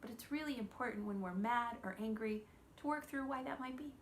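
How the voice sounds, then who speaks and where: A woman in her thirties giving a children's church lesson, gentle and expressive, asking the children questions. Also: a little high, a little fast, a little hiss or hum.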